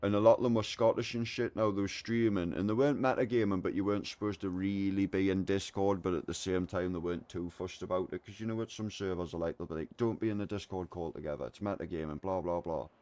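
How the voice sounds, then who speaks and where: Deep-voiced man telling a gaming story. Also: quick pace, few pauses. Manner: animated storyteller, swears a lot, acts out voices in anecdotes. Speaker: streamer. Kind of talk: casual gaming chat and storytelling.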